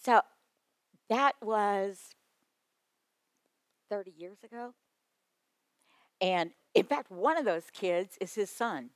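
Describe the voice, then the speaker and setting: A middle-aged woman giving a storytelling talk to children's ministry teachers, lively, with quick asides and chuckles. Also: mid-range voice, no room sound. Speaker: children's ministry workshop speaker.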